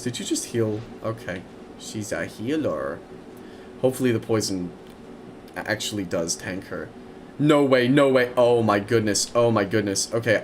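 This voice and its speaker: A young man gives a running commentary on his game, his voice jumping up and down as he reacts. He repeats words in quick bursts and stays chatty throughout. Faint game sounds play under him. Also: on the low side, noisy background. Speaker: gaming streamer.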